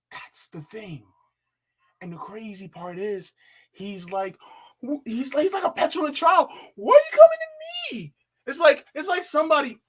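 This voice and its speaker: Heated and animated, this man on a political panel keeps repeating himself, says "bruh" to people, and imitates others by quoting them. His voice sits high with a breathy edge.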